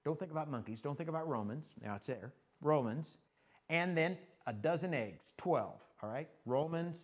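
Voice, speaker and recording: A man's voice: a little high, moderate pace. An older man preaching a casual, story-driven sermon as pastor, acting out conversations from his own life. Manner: folksy, animated, quotes people in his stories.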